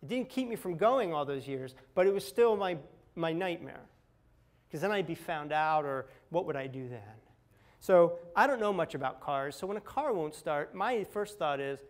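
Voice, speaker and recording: A middle-aged man telling a candid personal story, dramatic and confessional, dropping to a hush at tense moments. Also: on the high side, expressive, moderate pace. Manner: candid, dramatic retelling with acted quotes and swings from loud to hushed. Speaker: speaker sharing a personal recovery story.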